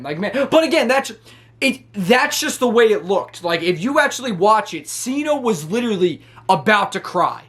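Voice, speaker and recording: Brief: high-pitched male wrestling reviewer, excitable, rambling casual recap. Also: normal speed. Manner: excitable, rambling with many restarts.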